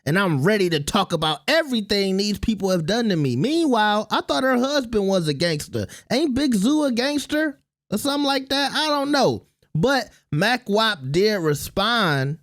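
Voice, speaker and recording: A commentary host breaks down a clip in an even mid-range voice. The sound is dry and close, and the delivery is full of mocking, sarcastic jabs. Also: medium pitch, moderate pace, no room sound. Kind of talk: reaction commentary.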